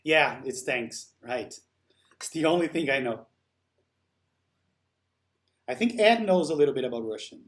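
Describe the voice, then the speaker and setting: A man's voice: mid-range voice, lively intonation, measured pace, pauses often. A man hosting a live stream, chatting casually and answering viewer comments while he works.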